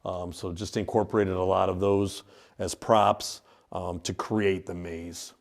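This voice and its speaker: A man's voice: low voice, little pitch movement, measured pace, creaky. A man who owns a haunted house, casually explaining it on a tour with lots of fillers and restarts. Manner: rambling, with many fillers and restarts. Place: inside an old industrial building.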